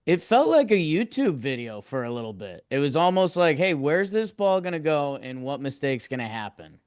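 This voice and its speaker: A man's voice: fairly high pitch, sing-song, moderate pace, clean tone, no echo, clean studio sound. A man co-hosting a casual sports podcast, frustrated and rambling, restarting his thoughts often. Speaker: podcast co-host.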